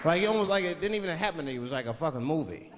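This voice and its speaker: A man's voice: on the high side, lively intonation, racing, noisy background. A man doing a stand-up comedy set with loose, profane storytelling and act-outs. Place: stage before a live audience. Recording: live club hall with laughing crowd.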